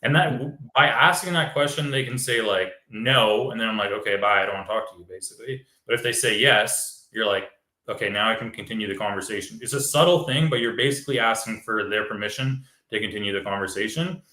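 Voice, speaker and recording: A man's voice: on the low side, fairly quick, pushed and bright, echoey room. A man, a real estate wholesaler, explaining step by step in casual chat and acting out sample phone calls.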